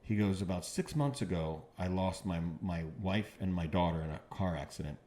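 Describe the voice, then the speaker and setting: This low-sitting male voice belongs to a comedian appearing as a podcast guest. Chatting casually, he stumbles through his stories with halting repetitions, then perks up when quoting others.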